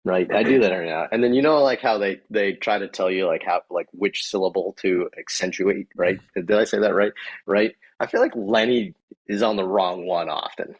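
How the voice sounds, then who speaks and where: Laid-back man with a husky low voice. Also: lively intonation, a little fast, dull audio. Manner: rambling, laughs often, many fillers. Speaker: podcast host, physical therapist. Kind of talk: casual podcast chat.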